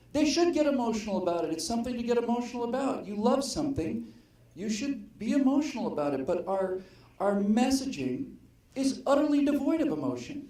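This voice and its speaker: A man addresses a crowd in a meeting hall, his voice sitting fairly high for a man. He talks earnestly and with emphasis, like someone telling a story to the room. The sound is heavily echoey and picked up from a distance. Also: dark tone. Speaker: guest speaker. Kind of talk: public speech to a political gathering.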